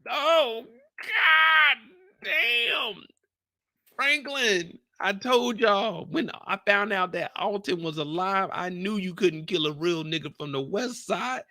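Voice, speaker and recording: A man hosting a live after-show, talking in a loose, profane, animated way. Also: a little slow, few pauses. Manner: animated, profane, swings into high exclaiming bursts. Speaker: show recap host.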